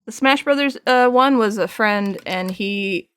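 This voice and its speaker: A woman in her thirties chats casually with her stream while she paints at home. She tells stories animatedly and acts out what each person said, with plenty of laughter. Her voice sits at a middle pitch and is recorded close and dry, with no room sound. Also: a little slow, clear, resonant tone, no room sound. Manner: animated storytelling, acts out quoted lines, frequent laughs. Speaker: art streamer.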